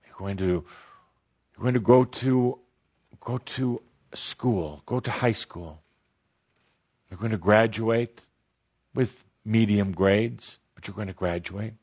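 A man voicing a calm, all-knowing spirit that speaks slowly and reassuringly in a storytelling recording. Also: fairly low pitch, breathy edge, dull audio. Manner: slow, soothing, reassuring.

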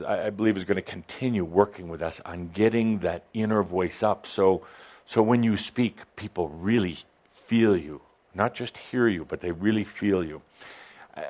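A man co-hosting a casual spiritual discussion, talking in a relaxed, halting way with many restarts. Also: fairly low pitch. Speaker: co-host discussing channelled teachings.

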